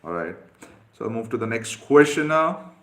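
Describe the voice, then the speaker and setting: A man's voice: medium pitch, sing-song, normal speed. A man coaching on dating, answering viewer questions one by one in a direct, instructive way with frequent fillers.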